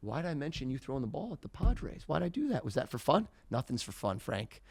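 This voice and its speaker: A man performing mind-reading as a podcast guest, talking theatrically and building to loud excited bursts. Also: medium pitch, fast talker, gravelly, breathy edge. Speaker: mentalist guest.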